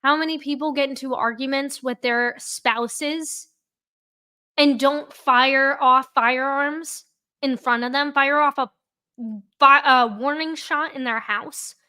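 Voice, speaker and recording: A woman with a high, bright voice reacts to trial footage with sarcasm and indignation. She sounds worked up and pointed as she argues her side. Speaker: true crime commentator.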